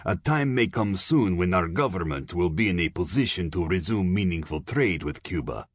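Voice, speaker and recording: A man's voice: low voice, expressive, normal speed, no echo, clean studio sound. A man narrating an audiobook, voicing a solemn, pompous colonel who lectures earnestly and sounds weary. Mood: lecturing. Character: solemn, pompous middle-aged male police colonel.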